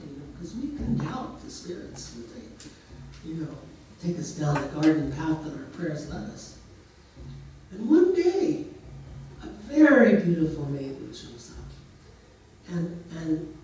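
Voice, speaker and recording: A man's voice: high voice, mellow, very echoey, recorded from a distance, a little hiss or hum, low-quality recording. A man telling a story in a casual way, now and then putting on voices for the characters. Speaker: storyteller and therapist.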